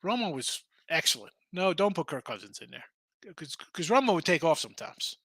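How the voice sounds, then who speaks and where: A man's voice: a little high, big pitch swings, a little fast, fairly bright tone, slightly rough, no echo. A man hosting a casual sports betting show, arguing picks animatedly and reading chat comments aloud.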